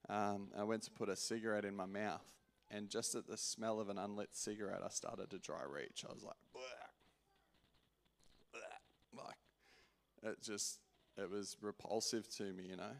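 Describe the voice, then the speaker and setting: A man preaching a personal testimony in an earnest way, restarting often and swinging from loud to hushed. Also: lowish voice, fairly even intonation, normal speed, vocal fry. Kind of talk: sermon testimony.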